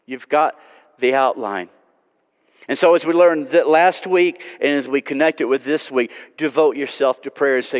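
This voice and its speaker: A man's voice: medium pitch, moderate pace. Earnest pleading preacher, man, reverberant church. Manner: pleading, earnest, swings from loud to hushed. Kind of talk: sermon. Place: church sanctuary.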